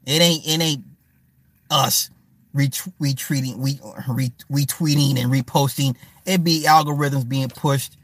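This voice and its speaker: A man's voice: medium pitch, steady tone, unhurried, fairly bright tone, dry recording. A man hosting a livestream, riffing casually with loose, profane jokes and answering viewers by name. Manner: talks to viewers and chat by name. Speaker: livestream host. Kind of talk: casual commentary chat.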